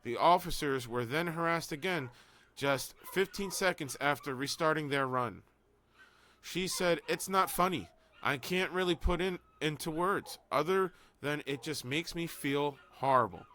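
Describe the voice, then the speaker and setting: A man's voice: fairly high pitch, measured pace, pushed and bright, a little hiss or hum. A man co-hosting a talk show, reading news aloud and commenting sarcastically. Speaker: podcast co-host.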